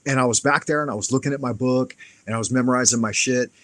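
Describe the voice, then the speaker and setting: A man's voice: medium pitch, quick pace. A man hosting a live stream, casually telling a profane fight story and acting out the lines of the people in it. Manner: profane, animated anecdote-telling with acted-out quotes.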